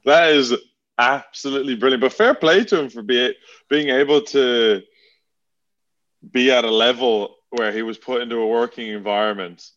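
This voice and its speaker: A man's voice: mid-range voice, normal speed, a bit bright. Man co-hosting over a dull line. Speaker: podcast co-host. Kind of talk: casual chat.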